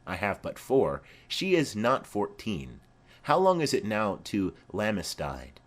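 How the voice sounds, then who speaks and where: A man's voice: fairly low pitch, huge pitch swings, unhurried, heavily acted. A man reading the part of a garrulous old female nurse who rambles on with chatty asides.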